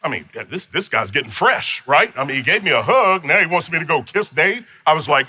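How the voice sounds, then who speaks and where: Bright, emphatic male finance teacher. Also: on the high side, big pitch swings, fairly quick, hardly any pauses, slightly rough. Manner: emphatic, storytelling, playful asides. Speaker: financial course instructor. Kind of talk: motivational teaching talk.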